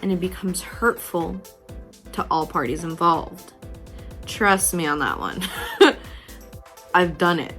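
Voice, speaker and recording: Slow, low-voiced woman tarot reader. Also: a bit bright, soft background music. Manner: frank, profane, intimate address to the viewer. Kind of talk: tarot reading video.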